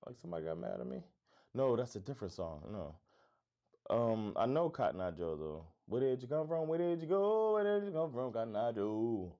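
A man's voice: fairly low pitch, mellow. A middle-aged man from Florida with a neutral American accent and a faint Florida lilt, hosting a casual livestream and chatting with viewers in an upbeat, easygoing way. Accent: neutral American, hint of Florida. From Florida, USA. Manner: upbeat, laid-back, says "man" a lot, laughs easily. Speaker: livestream host, comedy club owner. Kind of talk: casual livestream chat reading viewer comments.

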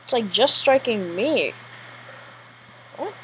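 A woman commentating her own gameplay live, excitable and jittery, often giggling. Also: on the high side, takes it slowly, noisy background. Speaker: gamer.

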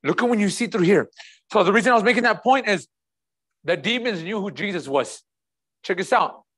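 A man's voice: sits high, animated, a little fast, fairly bright tone, husky. A man preaching a sermon as pastor, emphatic and repeating key phrases while speaking straight to the congregation.

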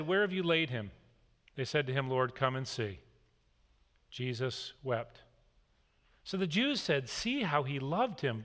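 Earnest preacher in a reverberant church. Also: male voice, on the high side, fairly bright tone. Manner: earnest storytelling preacher, reads scripture then explains it. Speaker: guest speaker. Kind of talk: sermon. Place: church sanctuary. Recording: long reverb of a church hall.

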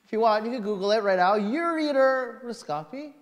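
A male pastor preaching a sermon through a personal story, swinging from quiet asides to outright shouting. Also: sits high, fairly even intonation, very fast. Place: church sanctuary. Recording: long reverb of a church hall.

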